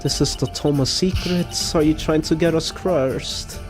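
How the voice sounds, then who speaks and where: A man's voice: medium pitch, unhurried, a little mellow, faint music behind, close to an everyday voice. A man voicing a haughty young princess priestess in a mock-royal, commanding tone. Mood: scolding.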